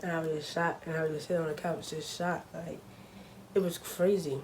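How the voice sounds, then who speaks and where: Low-voiced young woman vlogging, nervous. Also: level tone, fairly quick, darkish tone, a little hiss or hum, poor audio. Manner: chatty, filler-heavy, nervous and open. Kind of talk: casual talk to camera.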